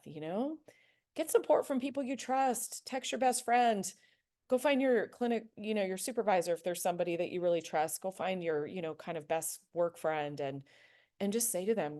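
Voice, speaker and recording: A woman presents a recorded workplace training in a relaxed, conversational manner. Her voice is warm and mellow, and her delivery is earnest and full of casual fillers. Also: mid-range voice, moderate pace. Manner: acts out soft apologetic example phrases. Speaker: de-escalation trainer.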